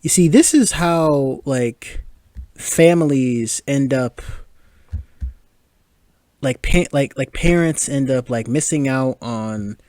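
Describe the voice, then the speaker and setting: Taking it slowly and pausing often, a podcast host in his twenties talks casually about movies, laughing and using lots of filler words. His mid-range voice is a little mellow, and the recording is dry and studio-quality.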